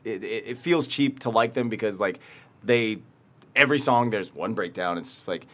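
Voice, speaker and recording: A man's voice: lowish voice, moderate pace, fairly bright tone. A man hosting a podcast in casual chat, rambling with frequent laughs and swearing. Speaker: podcast host.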